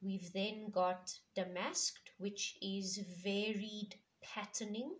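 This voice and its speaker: A slow, unhurried woman teaching a poetry lesson. She explains patiently and pauses on fillers as she works through the structure, with her pitch in a middle range. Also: flat delivery, a bit bright. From South Africa. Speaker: English teacher. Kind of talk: classroom lesson explaining a poem.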